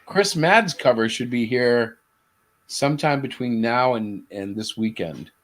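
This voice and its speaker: A man's voice: medium pitch, expressive, a little slow. A man hosting a live stream, chatting casually over a video call and chuckling often. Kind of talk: casual chat.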